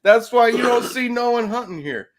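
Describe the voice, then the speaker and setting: A man casually telling a story, swearing freely, laughing between phrases, and swinging from loud to soft. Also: very high-pitched, expressive, moderate pace, slight background noise.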